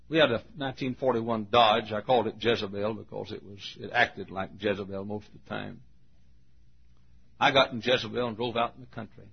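Raspy Southern preacher telling stories. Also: male voice, lowish voice, a little fast. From Southern United States. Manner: folksy, animated, hollers and laughs. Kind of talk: storytelling sermon. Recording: dull lo-fi recording.

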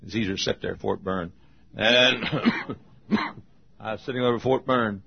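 A male pastor preaching a sermon with emotional storytelling, swinging from hushed tones to shouts. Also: on the low side, normal speed, gravelly, breathy edge. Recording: dull lo-fi sermon recording.

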